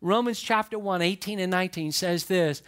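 Animated male pastor preaching. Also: high voice, normal speed, clean tone. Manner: animated, acts out voices of listeners and Bible figures. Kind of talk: sermon.

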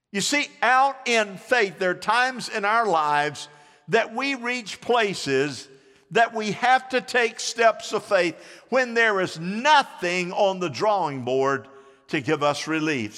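A man's voice: sits high, expressive, slow, bright, forceful tone, long reverb tail. A male pastor preaching a sermon, drawing the congregation into call-and-response with sweeping swings of voice. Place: church sanctuary.

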